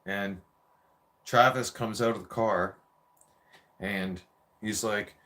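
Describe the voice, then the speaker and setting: A man's voice: on the low side, fairly even intonation, slow, pauses often, fairly bright tone. A man in his forties telling a rambling, profane childhood story in a casual rant.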